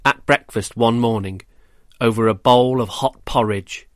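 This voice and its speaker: A man reading a rhyming children's story aloud, gentle and measured, then quizzing children about it. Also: medium pitch, no echo, clean studio sound. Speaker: storyteller and host.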